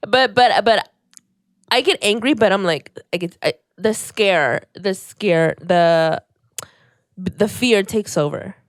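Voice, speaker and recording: A woman's voice: medium pitch, slow, dry recording, studio quality. A woman co-hosting a casual podcast chat, talking candidly about her own flaws. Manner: candid, self-deprecating. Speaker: podcast co-host.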